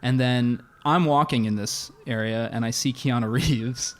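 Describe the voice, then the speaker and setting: A man co-hosting a casual podcast, telling a story in an animated way and laughing often. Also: mid-range voice, a little slow. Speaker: podcast co-host. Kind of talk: casual chat.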